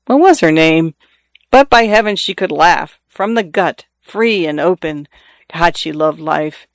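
A man narrating a novel as an audiobook in a measured, expressive way. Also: fairly high pitch, clear, resonant tone, dry recording.

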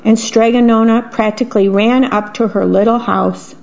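A woman reading picture books aloud, gently adding her own comments on the pictures. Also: a little high, steady tone, moderate pace, creaky, hardly any pauses, muffled recording. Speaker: storyteller.

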